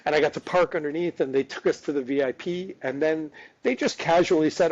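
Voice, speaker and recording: A man in his fifties, a podcast guest, telling stories in a casual, excitable way, tumbling over his own restarts. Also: a little high, quick pace, muffled recording. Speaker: podcast guest, dance dad. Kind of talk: casual storytelling chat.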